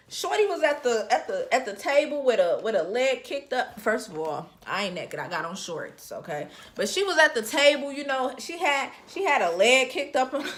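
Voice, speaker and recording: A young woman reviewing a reality show in casual, expressive chat, her voice jumping up in pitch as she reacts. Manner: chatty, expressive, with sudden pitch jumps.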